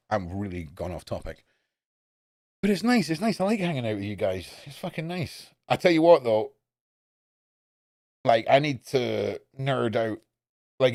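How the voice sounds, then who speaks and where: A young man chatting casually and profanely on a live stream, jumping between loud outbursts and low mutters. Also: dry recording, studio quality. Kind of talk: casual rambling stream chat.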